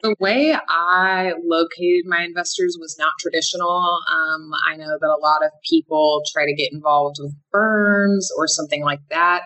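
A woman's voice: deep voice, steady tone, moderate pace, hardly any pauses, bright, forceful tone, rough recording. A young adult woman, a business founder, answering interview questions candidly with frequent restarts.

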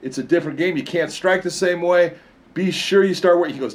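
A man in casual conversation, retelling fight stories with animated energy. His voice sits a little high for a man, and he laughs readily between anecdotes. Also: brisk. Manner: animated storyteller, laughs often. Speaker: co-host, fight commentator. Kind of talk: casual chat.

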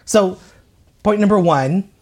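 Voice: mid-range voice, slow pace, a little mellow. A pastor preaching a conversational sermon, with frequent restarts and rhetorical questions.

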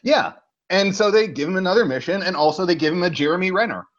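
A man co-hosting a podcast, telling a movie plot in a casual, animated way and swearing freely. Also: sits high, fast talker, muffled recording. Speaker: podcast co-host. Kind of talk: casual movie recap chat.

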